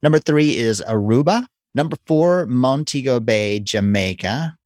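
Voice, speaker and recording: A man with a mid-pitched voice co-hosts a relaxed chat and counts down a list. His humor is dry and sarcastic. The sound is close and dead, with no echo. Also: unhurried. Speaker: co-host. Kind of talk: casual chat.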